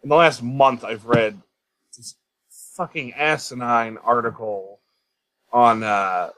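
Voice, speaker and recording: A man's voice: mid-range voice, takes it slowly, pushed and bright, low-quality recording. A man on a casual podcast, dry and dismissive, swearing casually as he talks. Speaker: podcast co-host or guest.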